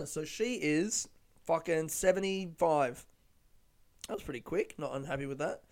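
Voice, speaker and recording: A man's voice: fairly high pitch, measured pace, a little mellow. Rambling, sweary man. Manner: rambling, swearing, laughs at his own jokes. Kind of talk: casual solo chat.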